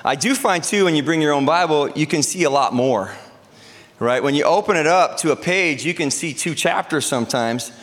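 A man's voice: on the high side, lively intonation, moderate pace, fairly bright tone, in a large hall. A man preaching a sermon as pastor, talking in a conversational, joking way with asides and restarts.

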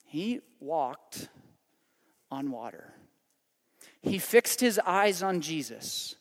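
A man, a pastor, telling a story dramatically in a sermon, with passages that swell and then fall to a hushed prayer. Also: a little high, very animated, very slow, in a large hall.

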